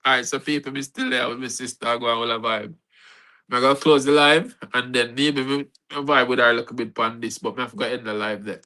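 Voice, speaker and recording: A man's voice: mid-range voice, fairly quick, poor audio. A man hosting an online spoken word show and reciting a poem, on a video call mic. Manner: animated, laughing, patois phrases. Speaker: host.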